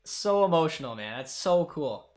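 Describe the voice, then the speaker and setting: A young man hosting a live football watchalong, reacting with excitement and emotion and talking to his viewers. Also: fairly high pitch, normal speed, faint music behind. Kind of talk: live match watchalong commentary.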